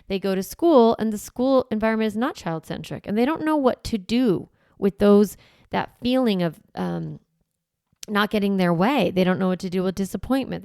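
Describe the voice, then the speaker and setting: Middle-aged mom coaching parents, lowish smooth voice, dry close sound, chatty and thinking out loud. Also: female voice, no room sound. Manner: conversational, reflective, self-correcting. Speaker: parenting coach and podcast host. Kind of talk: casual teaching monologue.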